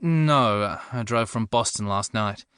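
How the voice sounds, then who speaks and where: A man voicing a frazzled, wry young man with a New Zealand accent, in a lighter and higher register than his narration. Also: slow, smooth, no echo, studio quality. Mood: flustered. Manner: higher, brighter and more flustered than the narration.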